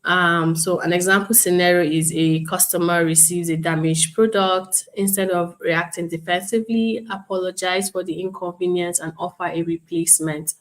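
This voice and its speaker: A woman instructor teaching an online class, speaking calmly and professionally, acting out customer calls as examples. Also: on the low side, normal speed, few pauses. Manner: calm, explains with role-played customer examples. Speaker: bootcamp instructor.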